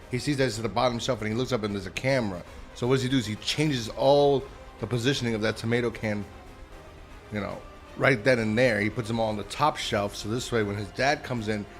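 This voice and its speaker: A man with a mid-range voice hosts a channel and gives a casual spoken movie review, rambling and swearing as he becomes worked up and incredulous.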